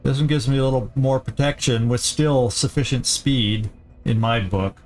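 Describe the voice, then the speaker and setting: A man hosting a let's play, giving casual gameplay commentary as he thinks aloud, often halting and restarting. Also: medium pitch, darkish tone, faint music behind.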